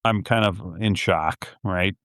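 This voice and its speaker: A middle-aged man with a deep, smooth voice tells a story slowly on a podcast, his tone fairly bright and the studio-quality audio free of echo. In casual storytelling mode, he acts out both sides of a phone call and laughs in disbelief.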